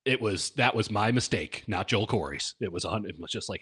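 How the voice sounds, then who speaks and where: A man's voice: on the low side, expressive, brisk, fairly bright tone, slightly rough. A man co-hosting a casual sports podcast, wry and self-deprecating, with jokey asides. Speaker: podcast co-host.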